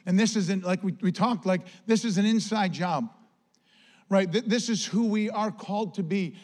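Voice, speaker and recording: A man preaching a sermon as pastor, chatty and animated, telling a story with lots of "like" and acted-out quotes. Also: sits high, moderate pace.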